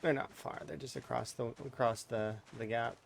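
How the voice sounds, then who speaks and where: A man's voice: medium pitch, steady tone, moderate pace, gravelly, a little hiss or hum. A man streaming a game, giving rambling, casual tips to his chat and chatting to the animals in the game. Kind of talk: casual let's-play commentary.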